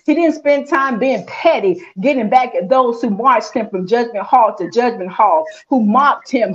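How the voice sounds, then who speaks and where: A woman preaches a sermon, building her points through rhythmic repetition and rising emphatic calls. Her voice sits a little high. The recording is muffled and lo-fi.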